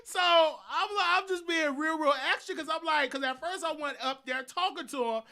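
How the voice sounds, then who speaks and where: A man with a Southern US accent hosting a live show, telling a rambling story in a casual, animated way, repeating himself and laughing often. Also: extremely high pitch, moderate pace. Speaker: host.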